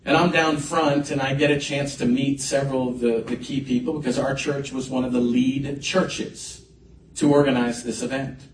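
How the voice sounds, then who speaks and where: A male pastor preaches to his congregation, animated in his storytelling. His voice comes from some distance off in a roomy, echoing hall with a faint hum of ambience behind. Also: mid-range voice, normal speed. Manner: animated storyteller, lively swings in loudness. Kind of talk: sermon storytelling. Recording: echoey hall mic from a distance.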